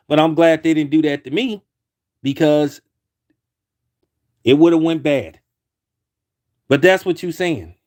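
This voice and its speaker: A man's voice: a little high, darkish tone. A man giving a heated opinion commentary, repeating himself and restarting lines as he argues his point. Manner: heated, repetitive, many restarts.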